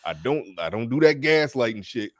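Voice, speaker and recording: A man's voice: mid-range voice, big pitch swings, normal speed, fairly bright tone, no echo. A man talking in a laid-back, slangy way during a casual reaction chat.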